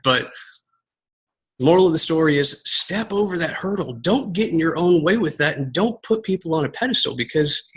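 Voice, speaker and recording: A man from Southern Texas giving a casual motivational talk to his team, energetic and rambling, repeating words and calling his viewers guys. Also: a little high, slightly rough, rough recording. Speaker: team coach giving a live video talk.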